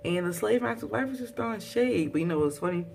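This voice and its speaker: A chatty young woman talks through a TV episode in a relaxed vlog, rambling from point to point. She reads her tweets aloud and throws in sassy asides and playful sound effects. Her pitch sits in the middle range, and a faint hum runs underneath. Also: fast, vocal fry. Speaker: TV episode reviewer. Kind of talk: casual review vlog.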